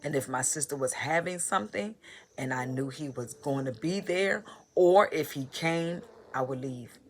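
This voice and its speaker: A woman telling her personal story in a vlog, halting and repeating phrases in a heartfelt way. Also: low voice, slight background noise. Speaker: motivational vlogger.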